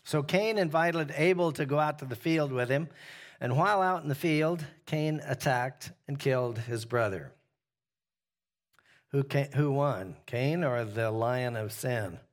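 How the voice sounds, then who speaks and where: Pastor, male, mid-pitched voice, informal Bible-study teaching with fillers and questions to the group. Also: unhurried.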